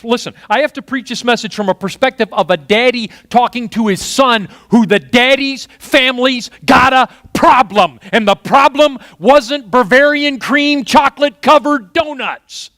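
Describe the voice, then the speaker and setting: Animated high-voiced preacher man. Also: normal speed, few pauses. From Texas. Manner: animated, swings between loud punchy asides and quiet storytelling. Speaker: pastor. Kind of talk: sermon.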